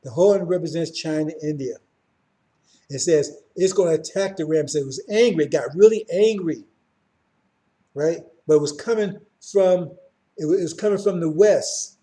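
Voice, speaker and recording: Give me a middle-aged man with a warm, slightly high voice giving an emphatic, informal Bible lesson. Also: moderate pace. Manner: emphatic, keeps checking in with listeners. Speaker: Bible class teacher. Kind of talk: informal Bible class lecture.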